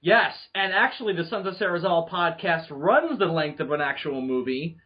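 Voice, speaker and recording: A man's voice: a little high, lively intonation, normal speed. A man hosting a casual podcast, rambling through crude jokes and laughing often. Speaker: podcast host. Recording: lo-fi muffled podcast audio.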